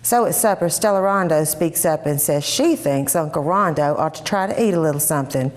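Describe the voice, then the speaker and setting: A woman giving a lively, expressive first-person reading of a short story. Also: low voice, brisk. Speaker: reader.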